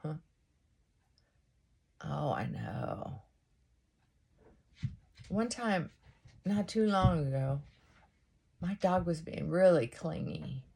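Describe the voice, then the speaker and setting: A woman hosting a casual get-ready-with-me vlog, reflecting out loud and often asking rhetorical questions. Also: low-pitched, lively intonation, drawn-out words, vocal fry, pauses often, breathy edge. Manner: musing, asks many rhetorical questions; thinking aloud with frequent restarts and asides. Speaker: vlog host. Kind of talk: casual reflective monologue while getting ready.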